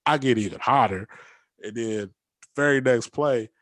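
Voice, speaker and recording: A man, a youth basketball coach, telling stories in casual chat, animated and laughing often as he acts out quotes. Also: mid-range voice, unhurried, no echo.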